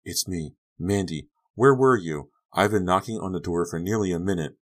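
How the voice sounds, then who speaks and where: A deep-voiced man voicing a frightened, desperate teenage girl. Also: moderate pace. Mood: impatient. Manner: urgent, pleading. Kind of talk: audiobook character reading.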